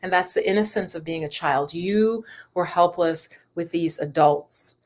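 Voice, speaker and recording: Speaking at a measured pace in a fairly low voice, a woman who teaches spirituality and hosts yoga rambles casually on a live stream, talking straight to her viewers.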